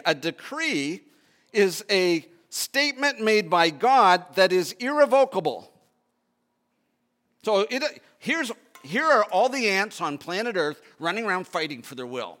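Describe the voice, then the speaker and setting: A man preaching a sermon, reading scripture aloud and then expounding it with rhetorical questions, swinging from loud emphatic bursts to low, hushed pleading. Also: sing-song, unhurried.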